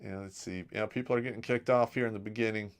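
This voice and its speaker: A man's voice: fairly low pitch, fairly even intonation, quick pace. A middle-aged man hosting a livestream, telling crude, joking army stories in a casual way and reading out viewer comments, his voice often trailing off at the end of a phrase. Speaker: livestream host.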